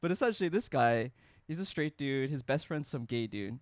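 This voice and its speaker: A young man chatting casually with friends and telling a story in a lively way, acting out other people's lines. His voice sits at a middle pitch. It sounds dry and close, with little room echo. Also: normal speed. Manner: storytelling, animated quoting of others. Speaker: host. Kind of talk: casual chat.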